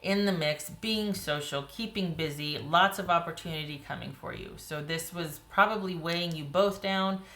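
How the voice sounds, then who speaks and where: A woman giving a casual, rambling tarot reading to viewers, her voice getting a little hoarse. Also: lowish voice, moderate pace, few pauses, fairly bright tone, echoey room. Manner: chatty, rambling, frequent "you know" and "like". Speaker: tarot reader.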